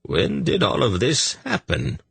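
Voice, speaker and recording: A man's voice: mid-range voice, huge pitch swings, measured pace, creaky, fairly bright tone, slightly rough, dry recording, pitched above the performer's own voice, heavily acted. A man doing a quavering saintly old holy man. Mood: kindly. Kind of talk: audiobook character voice.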